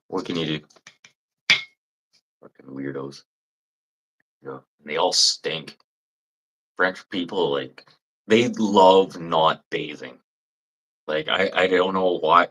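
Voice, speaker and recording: Canadian dude on a livestream, real low voice, swears a lot, rambles, mocks people in squeaky voices. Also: male voice, fairly bright tone, poor audio. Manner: swears freely, rambling and blunt. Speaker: livestream host. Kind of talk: casual live chat with viewers.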